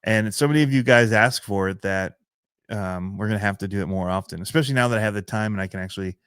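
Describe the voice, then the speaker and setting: A middle-aged man with a Michigan accent chats casually on a podcast, rambling and laughing at himself. His voice is lowish and smooth. The sound is dry and close. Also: quick pace, a bit bright, dry recording. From Michigan, USA. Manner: rambling, laughs often, self-deprecating. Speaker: podcast host and RC channel creator.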